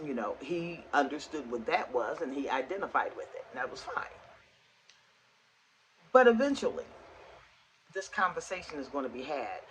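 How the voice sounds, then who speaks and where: A woman vlogging in a casual rant, spinning a story with lively back-and-forth dialogue. Her voice is bright and forceful, with plenty of push behind it. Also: low voice, slight background noise, low-quality recording. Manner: animated, acts out both sides of conversations.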